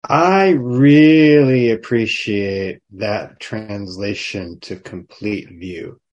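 A man's voice: on the low side, extremely slow, a little mellow, dull audio. A man taking part in a casual group discussion, reflective and hesitant. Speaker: discussion participant.

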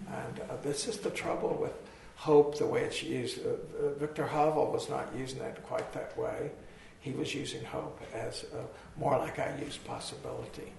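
A hoarse man giving a slow, reflective dharma talk to a group, pausing as he thinks. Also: medium pitch, fairly even intonation, a little mellow. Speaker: meditation teacher. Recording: echoey hall from far off, faint noise.

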